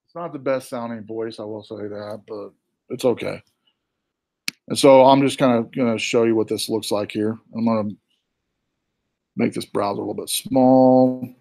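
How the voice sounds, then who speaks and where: Male instructor with a Southern accent, mid-pitched, relaxed and chatty, talking students through a course site on screen. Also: moderate pace, creaky, pauses often. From born in New York, raised in the US South. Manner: relaxed and chatty, with fillers and asides. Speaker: college instructor. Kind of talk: casual screen-share walkthrough.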